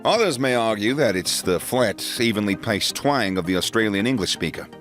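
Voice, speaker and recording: A man's voice: lowish voice, animated, normal speed, a bit bright, soft background music. A man narrating an educational explainer in a conversational way, with small asides and chuckles.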